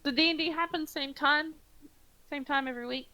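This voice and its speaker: Casting: hesitant, soft-spoken woman running a tabletop game, slightly high voice, voice-call mic. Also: a little fast, poor audio. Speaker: game master and stream host. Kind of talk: casual tabletop narration and stream chat.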